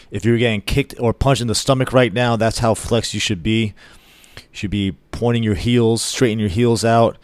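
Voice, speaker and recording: A man coaches a core workout in a steady, encouraging voice-over. His voice is lowish, smooth and resonant. The recording is dry and close. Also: no echo. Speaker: fitness coach.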